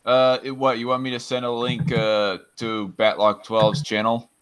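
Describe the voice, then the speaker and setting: Brash profane man, bright voice. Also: medium pitch, flat delivery, moderate pace, clear, resonant tone. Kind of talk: casual group chat.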